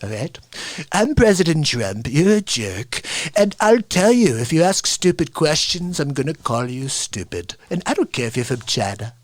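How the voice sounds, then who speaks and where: A man doing an impression of a blunt, combative older male president, gruff and insulting. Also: big pitch swings, normal speed, dry recording. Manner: gruff, insulting, lower and quieter. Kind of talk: celebrity impression.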